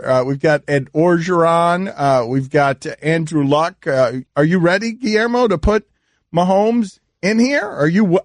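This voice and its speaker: A man's voice: a little high, dry recording. A man hosting a sports radio show in the studio, teasing and incredulous.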